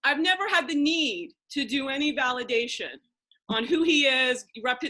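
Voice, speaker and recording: A woman from Philadelphia hosts a relaxed chat over a video call. Her voice sits high and rings bright, and she talks animatedly, tumbling through restarts and side remarks. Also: moderate pace. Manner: animated, excitable, frequent restarts and asides. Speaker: host. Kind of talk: casual video-call conversation.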